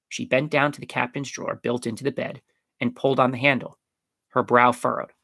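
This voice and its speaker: A man reads a chapter book aloud with expressive storytelling. His voice is bright with a gravelly edge, recorded close in a dry space. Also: medium pitch, a little fast, no room sound. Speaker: narrator. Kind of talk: audiobook reading.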